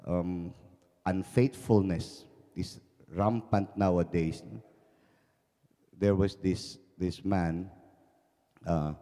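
A male priest giving a sermon, telling jokes in a lively way and acting out the characters. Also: low voice. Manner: lively storytelling, acting out voices. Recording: echoey hall.

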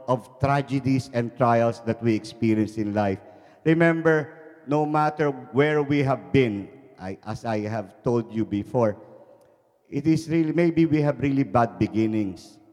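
A male priest giving a sermon, telling jokes in a lively way and acting out the characters. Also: mid-range voice, a little slow. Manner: lively storytelling, acting out voices. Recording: echoey hall.

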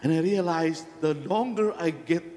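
A man, a Catholic priest, giving a lively, conversational sermon, putting many questions to the congregation. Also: on the high side, normal speed, slight background noise. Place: large church. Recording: echoey church hall from a distance.

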